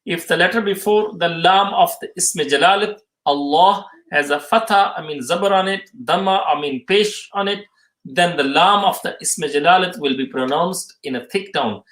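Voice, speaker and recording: A man teaching a live tajweed lesson, reading out questions and explaining the answers haltingly, often restating each term twice. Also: on the high side, fairly bright tone. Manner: halting, many fillers, restates terms twice. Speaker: Quran recitation teacher. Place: mosque or Islamic centre room. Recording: roomy echo.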